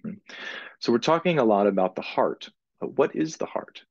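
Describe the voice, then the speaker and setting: A man giving a slide lecture, halting with many ums and restarts, his voice husky. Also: medium pitch, animated, no room sound. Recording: dull lo-fi sound, dry.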